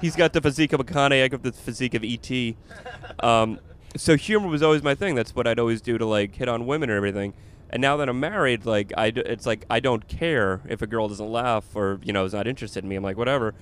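A man's voice: medium pitch, fast talker, smooth. A man, a comedian, telling a funny story in casual chat and laughing along as he goes. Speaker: comedian and podcast host.

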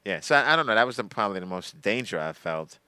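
A man's voice: lowish voice, animated, quick pace, pushed and bright, smooth. A male comedian, a guest on a podcast, talking about his gigs in a laid-back casual chat and laughing easily.

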